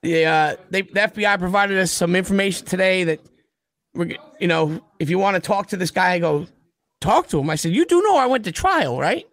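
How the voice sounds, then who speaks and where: A man with a fairly high voice tells a story in a blunt, profane way, acting out both sides of the conversations he describes. The sound is dry and close, with no room around it. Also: animated, fairly quick, fairly bright tone, no echo. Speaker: guest telling prison stories. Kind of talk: casual storytelling.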